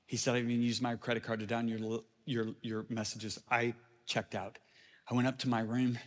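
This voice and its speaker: Preaching a sermon built around a story, this middle-aged man speaks at an ordinary middle pitch and moves animatedly between quiet asides and shouted, emphatic peaks. Every phrase rings out with a long echo from the large church hall.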